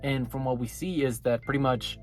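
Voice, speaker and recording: A man giving a casual, rambling recap of an anime episode, full of fillers and quick laughs. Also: mid-range voice, fairly even intonation, darkish tone, faint music behind. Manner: loose, filler-heavy, laughs often. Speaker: anime reviewer.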